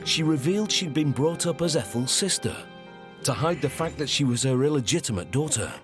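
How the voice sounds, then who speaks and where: A man narrating a documentary in a measured storytelling way. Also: fairly high pitch, expressive, music in the background.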